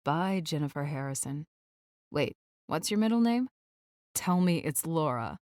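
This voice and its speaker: Woman doing a young male rock star, guarded, tender, low hushed voice, audiobook character, dry booth. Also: animated, a little slow, no echo.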